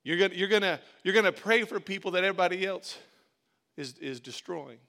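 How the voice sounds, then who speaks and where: A man's voice: sits high, a little fast, gravelly, bright, forceful tone. A man preaching a sermon as pastor, repeating phrases and building emphasis.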